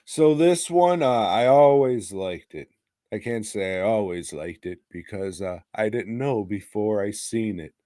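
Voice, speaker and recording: A man's voice: lowish voice, unhurried, mellow, no echo, clean studio sound. A man co-hosting a movie podcast, recapping a film in crude, jokey casual chat and breaking into silly voices. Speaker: podcast co-host.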